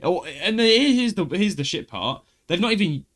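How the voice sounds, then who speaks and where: A man's voice: sits high, animated, moderate pace, fairly bright tone. A man co-hosting a podcast, chatting casually and talking over his co-host. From United Kingdom. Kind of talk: casual chat.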